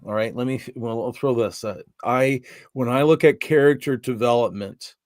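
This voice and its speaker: A man co-hosts a relaxed chat, dropping jokes and laughing easily before settling into reflective musing. His voice sits mid-pitch and is recorded dry, with no room sound. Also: normal speed, no room sound. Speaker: Santa performer and podcast co-host. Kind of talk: casual conversational chat.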